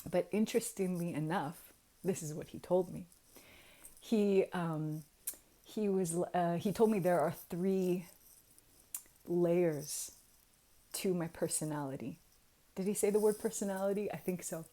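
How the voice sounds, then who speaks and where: A woman in her forties telling a story casually to her viewers, animated and laughing often, dropping to a hush and then getting loud. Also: on the low side, measured pace, pauses often. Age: 40s. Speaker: vlogger.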